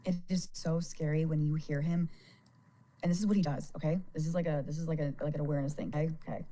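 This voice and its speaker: A woman's voice: low voice, steady tone, fast talker, mellow. A woman on a livestream, chatting casually. She sounds worried and frustrated, often stammers and repeats words, and swears freely. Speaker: live streamer.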